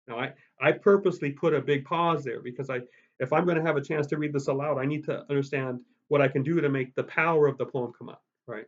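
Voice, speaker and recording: A man's voice: a little high, brisk. A man giving a college lecture on poetry, rambling with many restarts and tapping out meter aloud. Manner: rambling, full of restarts and fillers, sounds out meter with "da da". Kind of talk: recorded lecture. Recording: dull lo-fi sound.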